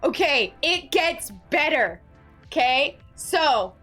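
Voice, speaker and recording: A woman telling a story casually to her chat, animated and dramatic in her ranting. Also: high voice, slow pace, faint music behind. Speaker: streamer.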